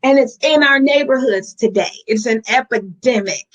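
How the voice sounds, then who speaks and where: High-voiced earnest woman, lo-fi sound. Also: normal speed. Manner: earnest, direct, speaks to listeners as "y'all". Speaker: guest sharing her addiction recovery. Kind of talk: candid interview talk.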